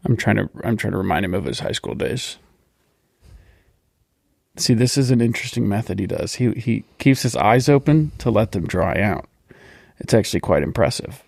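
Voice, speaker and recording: A man's voice: fairly low pitch, expressive, normal speed, vocal fry, darkish tone, dry recording. A young man riffs and ribs his co-hosts in casual comedy podcast chat. His tone is sarcastic and mock-aggressive, and the sound is dry and close to the mic. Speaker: podcast co-host.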